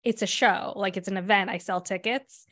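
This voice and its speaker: A woman's voice: mid-range voice, fairly even intonation, moderate pace, a bit bright. A woman co-hosting a podcast in casual chat, with a voice that people call condescending. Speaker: podcast co-host.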